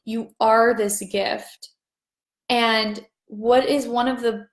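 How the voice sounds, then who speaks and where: A woman facilitator hosting a casual livestream, chatting brightly and slowing down to recite repeated clearing phrases. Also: on the high side. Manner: bubbly and chatty, slows down for repeated clearing lines. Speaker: Access Consciousness facilitator. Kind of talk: livestream chat with chanted clearing statements. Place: home livestream set-up. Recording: roomy echo.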